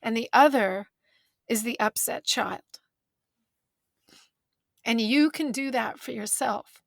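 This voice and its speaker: A woman's voice: a little high, takes it slowly, vocal fry, dry recording. Candid woman musing in a dry closet. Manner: thoughtful, candid, searching for words. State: close to tears. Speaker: author and guest. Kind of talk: reflective conversation. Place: bedroom closet.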